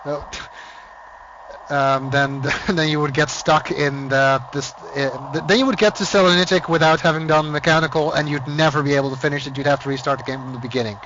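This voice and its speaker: A man's voice: on the high side, fairly even intonation, fairly quick, fairly bright tone. A man with a Dutch accent chatting casually while playing a game on stream, rambling and easily distracted. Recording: dull lo-fi sound with faint hiss.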